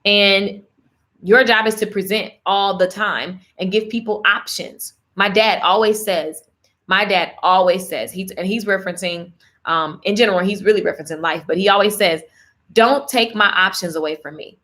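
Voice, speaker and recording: Chatty, animated woman coach. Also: medium pitch, moderate pace. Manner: animated, chatty, addresses viewers directly. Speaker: business coach. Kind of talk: livestream coaching pitch.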